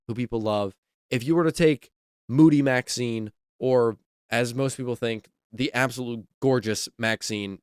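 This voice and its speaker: A man's voice: mid-range voice, clear, resonant tone, dry recording, clean studio sound. A man hosting a wrestling podcast, giving casual, enthusiastic opinion commentary, repeating himself and saying "like" a lot.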